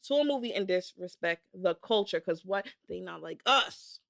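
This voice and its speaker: A young woman co-hosting a podcast, telling animated stories in casual chat and acting out scenes. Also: fairly low pitch, moderate pace, creaky. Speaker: podcast co-host.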